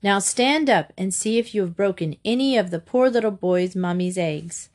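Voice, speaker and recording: A woman's voice: mid-range voice, normal speed, a little mellow, lightly acted. A woman voicing a stern mother scolding her son in a storybook reading, speaking in a firm, commanding way.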